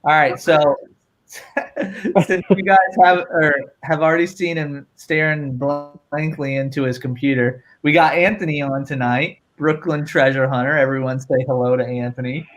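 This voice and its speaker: A man's voice: a little high, fairly even intonation, moderate pace. Guy hosting a live show, easygoing, reading the chat out. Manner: upbeat, laughs often, reads chat aloud. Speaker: host.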